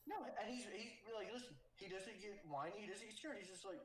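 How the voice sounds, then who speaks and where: Man, thirties, animated storyteller, casual podcast chat, slightly high voice, echoey room. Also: brisk. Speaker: podcast co-host.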